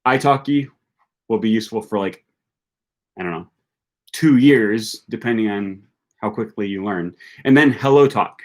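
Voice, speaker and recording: A young man hosting a language-learning live stream, reading out viewer questions and answering them in a relaxed, chatty way with plenty of ums and restarts. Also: fairly low pitch, moderate pace, pauses often. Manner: reads viewer questions aloud and answers chattily, many fillers.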